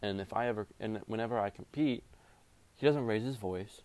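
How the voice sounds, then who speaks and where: A man's voice: on the low side, normal speed, a little mellow, no room sound. A young man, a jiu-jitsu referee, ranting in a casual, rambling way, full of swearing and slang. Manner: profane, rambling, heavy slang.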